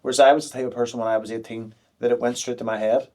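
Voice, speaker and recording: A man in his thirties talks fast as a podcast guest. His speech is frank and open, full of quick fillers and restarts, and his pitch sits in the middle range. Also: little pitch movement, darkish tone. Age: 30s. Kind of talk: candid podcast conversation.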